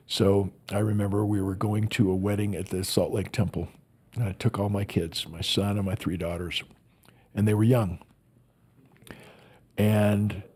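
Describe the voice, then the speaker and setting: On a podcast, a motivational speaker recounts earnest stories and often repeats words as he looks for them. The voice is lowish, darkish and slightly rough.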